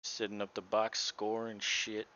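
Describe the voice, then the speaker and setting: A man's voice: on the low side, monotone, unhurried, bright, forceful tone, highs cut off. A man co-hosting a casual play-by-play show, talking through the game with sarcastic asides. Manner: laid-back, sarcastic asides. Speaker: podcast co-host.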